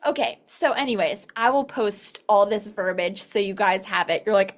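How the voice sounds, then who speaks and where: A woman's voice: mid-range voice, moderate pace. A woman leading a casual online sales training over a video call, upbeat and chatty, acting out quoted dialogue as she explains.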